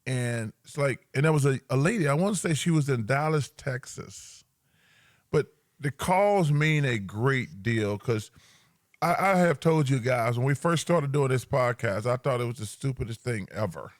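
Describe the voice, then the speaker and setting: Animated middle-aged male podcast co-host. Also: mid-range voice, normal speed, no echo, clean studio sound. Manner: rambling, animated storytelling with big laughs. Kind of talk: casual podcast banter.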